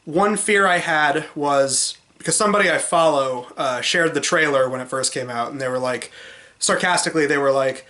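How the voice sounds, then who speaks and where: A young man rambling through a casual movie review vlog with a bright, forceful voice that sits a little high. He goes on at length and now and then slips into mocking impressions. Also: moderate pace. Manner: chatty and rambling, often mimics cynical voices in a high pitch. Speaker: movie vlogger.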